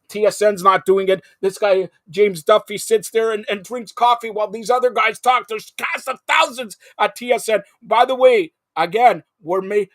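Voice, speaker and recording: A male host on a live sports talk show, excitable and jumping between topics with loud outbursts. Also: on the high side, no echo, clean studio sound.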